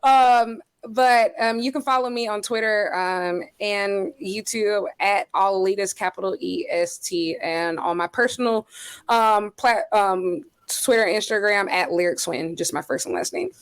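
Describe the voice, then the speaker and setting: A woman's voice: mid-range voice, a little slow, clear, resonant tone, no echo. A woman co-hosting a casual podcast, shy and nervous, hesitating with lots of fillers. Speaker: podcast co-host.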